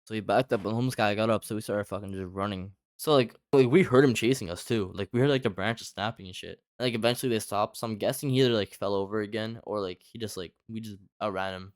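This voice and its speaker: Young male storyteller, talks fast and loose with constant fillers and cursing. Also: fairly low pitch, dry recording, clean studio sound. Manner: rambling, heavy filler "like", lots of swearing. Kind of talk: casual storytime chat.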